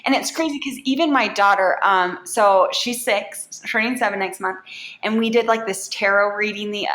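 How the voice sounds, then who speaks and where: A woman in her thirties, a yoga instructor, talking candidly and warmly as a podcast guest, with lots of "like". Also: mid-range voice, normal speed, echoey room. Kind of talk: casual podcast interview.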